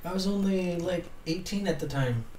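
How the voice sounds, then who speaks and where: Brief: young man, somewhat high voice, animated storyteller, laughs a lot; echoey room, mic set back, faint hiss. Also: normal speed. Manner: animated, laughs often, acts out dialogue. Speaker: podcast co-host. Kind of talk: casual storytelling chat. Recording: roomy, distant mic with faint noise.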